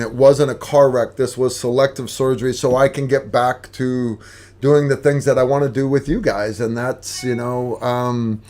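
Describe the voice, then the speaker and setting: A middle-aged American man hosting a casual livestream, joking with a friend and answering viewer questions. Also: on the high side. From United States. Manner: joking, relaxed banter with a friend. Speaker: livestream host.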